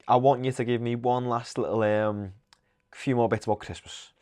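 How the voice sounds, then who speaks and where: A man, co-hosting a casual podcast, quick to laugh and leading with questions. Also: medium pitch, fairly even intonation, a little mellow. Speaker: podcast co-host. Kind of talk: casual chat.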